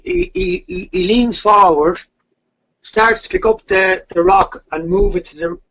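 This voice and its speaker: A man's voice: sits high, gravelly, a bit bright. A man casually retelling an old legend, repeating himself and restarting as he goes. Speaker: storyteller. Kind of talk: casual storytelling. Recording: dull lo-fi recording.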